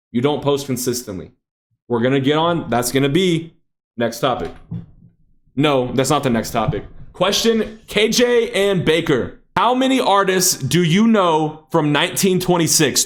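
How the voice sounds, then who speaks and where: A young man teaching a class in casual, blunt talk, swearing freely and calling on his students directly. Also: medium pitch. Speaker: instructor for aspiring music artists.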